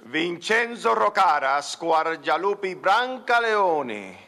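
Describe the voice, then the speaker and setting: A man's voice: high-pitched, big pitch swings, slow, sharp tone, exaggerated voice. An actor playing an Italian man in a comedy film who proudly gives his long name.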